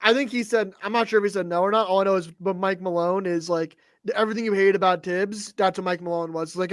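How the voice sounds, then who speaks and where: A man's voice: high voice, fairly even intonation, fast, smooth, no room sound, clean studio sound. A man in a casual sports podcast chat, giving a matter-of-fact take.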